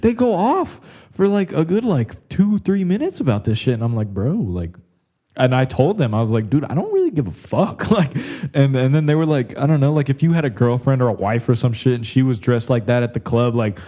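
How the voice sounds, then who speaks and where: Young man, podcast host, loose crude storytelling, mellow tone. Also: medium pitch, very animated, fairly quick. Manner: rambling, crude, says "like" and "bro" constantly. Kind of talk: casual comedic monologue.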